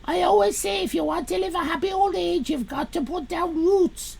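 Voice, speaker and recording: A woman voicing a cheerful, spry grandfather of eighty-one in a story game, speaking in a fond, homely and loud way. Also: extremely high pitch, moderate pace, gravelly, exaggerated voice.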